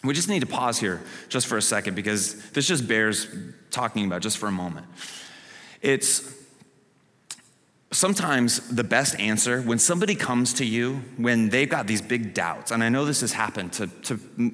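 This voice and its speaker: A man preaching a sermon as a pastor, animated, acting out the story in character voices. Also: medium pitch, normal speed. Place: church sanctuary. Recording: long hall reverb.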